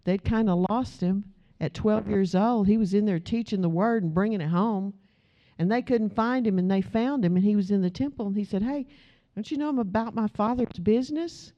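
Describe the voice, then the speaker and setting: A woman's voice: mid-range voice, normal speed, dark tone, lo-fi sound. A middle-aged woman preaching a sermon in a conversational way, asking the audience questions.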